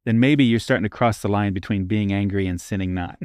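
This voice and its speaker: A man's voice: on the low side, fairly quick, darkish tone, clear, resonant tone, no room sound, studio quality. A man co-hosting a faith podcast as a pastor, talking through a question earnestly and often checking in with "right?". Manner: earnest, uses frequent "right?" tags. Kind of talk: casual faith discussion.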